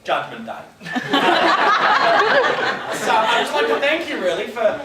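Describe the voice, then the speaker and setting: A man's voice: very high voice, huge pitch swings, a little slow, heavy background noise. A man doing live comedy storytelling in a theatrical, camp manner with frequent giggles. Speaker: comic storyteller. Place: small live performance venue. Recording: echoey venue, far from mic, music.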